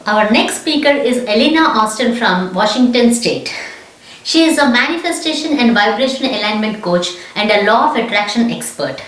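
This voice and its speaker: A woman's voice: on the high side, animated, normal speed, a bit bright. Echoey distant woman event host. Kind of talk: formal speaker introduction.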